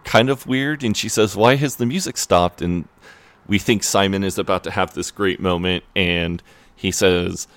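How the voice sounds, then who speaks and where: Low-voiced guy on a podcast recapping a tv episode, animated, dry close sound. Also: a little slow, dry recording. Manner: animated retelling, acting out lines in high mock voices. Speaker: podcast co-host. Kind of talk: casual chat recapping a TV episode.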